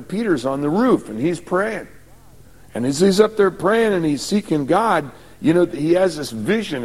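A man preaching a sermon, retelling scripture in a folksy, conversational way with many asides. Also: a little high. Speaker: pastor. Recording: long hall reverb.

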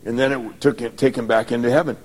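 A man's voice: medium pitch, steady tone, quick pace. A man preaching a sermon, retelling scripture in a folksy, conversational way with many asides. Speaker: pastor. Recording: long hall reverb.

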